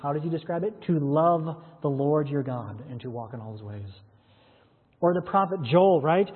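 A male pastor preaches through a run of scripture verses, pausing to ask his listeners pointed questions. His voice sits a little high and sounds husky. The recording is thin and phone-like, with a long echo from a large hall. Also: lively intonation. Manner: expository preaching, quoting and explaining scripture with rhetorical questions. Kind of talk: sermon.

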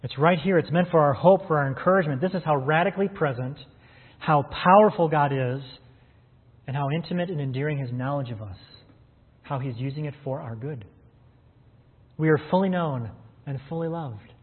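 A man's voice: on the high side, normal speed, slightly rough. A man preaching a sermon as a pastor, earnest and calling his listeners friends. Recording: phone-like sound in a reverberant hall.

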